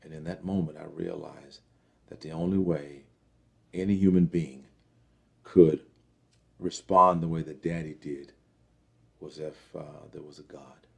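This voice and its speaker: Gravelly low-voiced man telling his story. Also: steady tone. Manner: earnest, reflective, halting with fillers. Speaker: interview guest telling his life story. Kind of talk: personal testimony interview.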